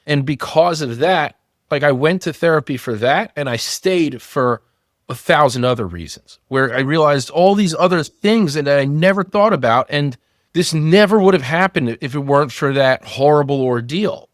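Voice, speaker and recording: A man's voice: on the high side, expressive, moderate pace, no room sound, studio quality. A man in his thirties, a company founder, telling personal stories frankly and swearing freely in a candid podcast conversation. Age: 30s.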